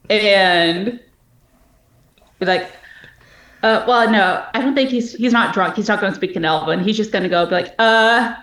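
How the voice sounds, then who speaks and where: A woman's voice: mid-range voice, a bit bright, roomy sound. A woman player in a tabletop game, chatting in a rambling way.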